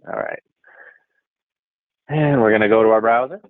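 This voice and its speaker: A man presenting a live software demo webinar, walking through code in a casual, upbeat, chatty way. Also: lowish voice, normal speed, narrow, tinny audio, noisy background. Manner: casual, upbeat, chatty with frequent "all right" and "okay, cool".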